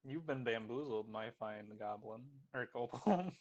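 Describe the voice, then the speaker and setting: A man's voice: mid-range voice, measured pace, darkish tone, muffled recording. A man playing an online tabletop game, making jokes and rambling in casual banter. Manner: jokey, rambling. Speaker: player.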